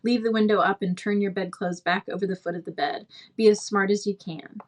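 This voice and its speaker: A woman reading aloud as a stern, brisk older woman who gives clipped orders. The voice keeps a medium womanly pitch and stays much like the reader's own. It has the feel of a storybook read-aloud. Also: fairly even intonation, close to an everyday voice. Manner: clipped, curt.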